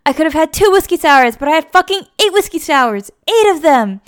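A woman voicing a frustrated male actor who shouts and swears at himself in a raised, strained voice while retelling a story. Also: high-pitched, expressive, brisk, voice pushed up. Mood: angry, frantic. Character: frustrated hotshot male actor, boozy and self-loathing.

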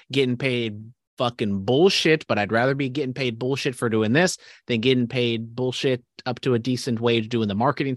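A man's voice: mid-range voice, no room sound, studio quality. A young man co-hosting a podcast, grumbling and sardonic with casual, profane banter. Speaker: podcast co-host.

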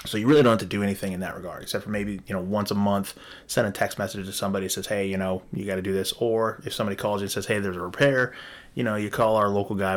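A man casually telling a long story about his rental properties, swearing freely and acting out both sides of conversations. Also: on the low side. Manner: profane, animated, acts out dialogue.

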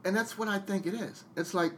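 A man's voice: sits high, a little fast, a little hiss or hum. A man who works as a DJ, a guest on a casual podcast, venting a story bluntly with plenty of swearing and acted-out bits of dialogue. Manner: venting, blunt and profane, jumping into quoted dialogue.

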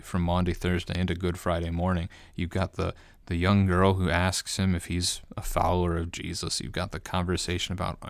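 A man with a very low, deep voice walks through a scripture passage in a relaxed, unscripted teaching style, thinking aloud and sometimes restarting a phrase. The recording is dry and close, with no room sound. He speaks as a pastor explaining the text. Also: gravelly, dry recording. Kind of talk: unscripted bible study commentary.

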